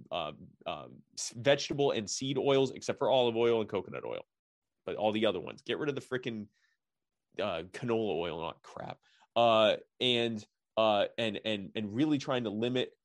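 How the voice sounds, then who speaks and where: A man's voice: lowish voice, no room sound, studio quality. A man talking in a casual podcast conversation, rambling with lots of fillers and restarts. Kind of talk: casual chat.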